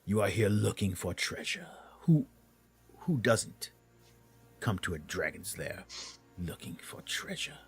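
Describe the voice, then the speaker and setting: Voragamanthar, a man doing a hushed, husky black dragon. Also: on the low side, big pitch swings, faint music behind, heavily acted. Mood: menacing. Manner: slow, hushed, half-whispered threats. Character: menacing male black dragon in his lair. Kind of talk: tabletop role-play.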